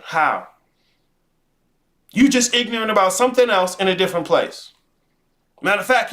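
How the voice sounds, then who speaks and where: A man hosting a live stream, talking casually and profanely, swinging between low musing and loud preachy rants. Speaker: live show host.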